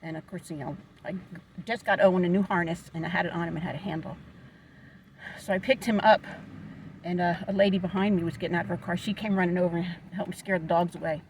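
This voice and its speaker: Upset woman venting with a gravelly voice. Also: fairly low pitch, fairly even intonation, fast, darkish tone, slight background noise, rough recording. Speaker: vlogger. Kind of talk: casual storytelling vlog.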